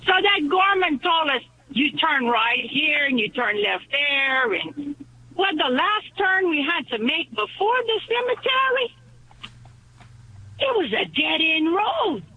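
A man with a thick Cajun accent, calling in to tell a joke as a slow, drawling storyteller. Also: extremely high pitch, sing-song, sharp tone. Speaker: caller. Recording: phone line with faint hiss.

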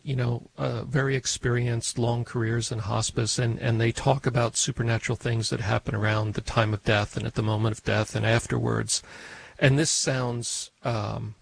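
Gravelly-voiced man co-hosting call-in radio, measured, faint hiss. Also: medium pitch, low-quality recording. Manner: measured and reflective, with fillers. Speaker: radio co-host.

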